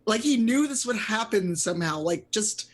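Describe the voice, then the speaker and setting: A woman's voice: mid-range voice, lively intonation, normal speed, breathy edge. A woman narrating as game master of a tabletop game, chatty and full of fillers.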